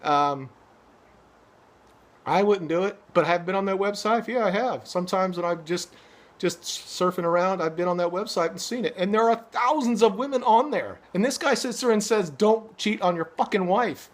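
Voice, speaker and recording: A man's voice: high-pitched, normal speed. A middle-aged man ranting angrily to his viewers, swearing often and stumbling over restarts. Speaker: vlogger. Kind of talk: angry opinion rant to camera.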